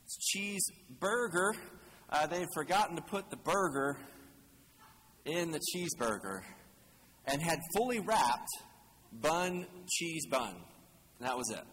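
A male pastor gives a relaxed, joking sermon and keeps putting questions to the congregation. His voice sits a little high for a man. He is recorded in a large hall with a long reverb and a faint hum of ambient noise behind him. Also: measured pace, pauses often. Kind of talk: conversational sermon.

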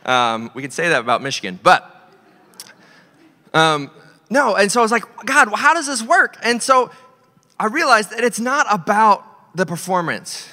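A male pastor telling a story in a sermon, animated, swinging between loud and hushed delivery. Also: high-pitched, normal speed, pauses often. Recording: long hall reverb.

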